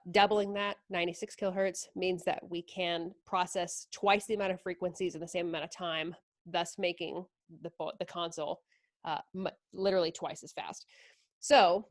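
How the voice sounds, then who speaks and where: A product specialist with a lowish voice talks casually about mixing consoles in a technical demo, recorded cleanly in a studio with no room sound. She's chatty, packing her speech with fillers and "likes."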